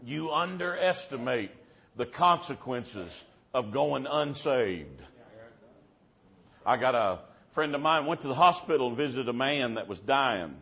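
A preacher delivering a fiery revival sermon in church, moving from low storytelling to shouted warnings. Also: male voice, expressive, unhurried, vocal fry. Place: church service. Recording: dull lo-fi recording.

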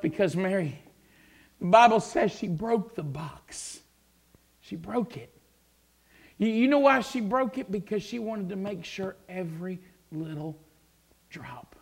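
High-voiced preacher who stammers and shouts. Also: male voice, animated, unhurried, gravelly, long pauses, husky. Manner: stammering repetitions, swelling into fervent shouts. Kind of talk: sermon.

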